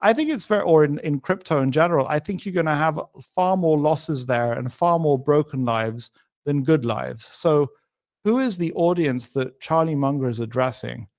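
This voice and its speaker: A man's voice: on the high side, normal speed, darkish tone. A middle-aged man as a podcast guest, talking in a thoughtful, emphatic way and building his points with hypotheticals. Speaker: interview guest.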